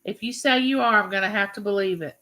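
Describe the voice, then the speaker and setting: A woman's voice: mid-range voice, fast talker, pushed and bright. A woman hosting a casual live stream, chatting and greeting her viewers by name. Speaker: livestream host.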